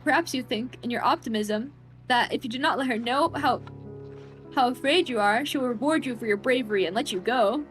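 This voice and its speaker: Fairly high-voiced woman streamer reading aloud. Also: fairly quick, a bit bright, faint music behind. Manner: dramatic read-aloud broken by scared, jokey outbursts. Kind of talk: reading a horror visual novel aloud with reactions.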